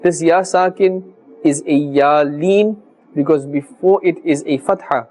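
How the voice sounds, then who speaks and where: A man teaching Quran recitation on a televised religious lesson, speaking formally and earnestly and sounding out letters slowly and carefully. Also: fairly high pitch, darkish tone, soft background music.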